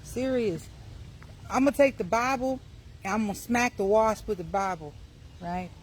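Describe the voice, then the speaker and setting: A livestream host talks to her viewers by phone while outside next to her car, animated, casual and frequently laughing. She speaks at medium pitch and a moderate pace, against slight background noise.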